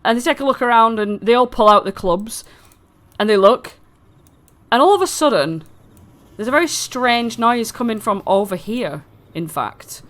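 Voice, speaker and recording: A woman's voice: fairly high pitch, animated, moderate pace, a bit bright. A woman running a tabletop fantasy game, narrating in a chatty way with many fillers and restarts. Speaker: dungeon master.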